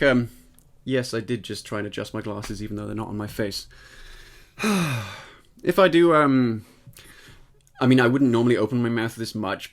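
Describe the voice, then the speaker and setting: A man giving a casual spoken singing lesson, explaining step by step and checking in with the listener, his voice tired and slightly husky. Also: mid-range voice. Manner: explanatory, conversational, often checks in with "right?". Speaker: voice teacher.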